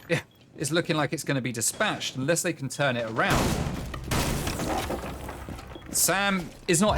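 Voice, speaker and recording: A man giving solo play-by-play commentary on a competitive shooter match, getting excited at big plays. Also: background noise. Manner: excitable, rising in pitch at big plays, chatty asides to chat. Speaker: esports caster. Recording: game gunfire and clicks behind. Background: game gunfire and clicks.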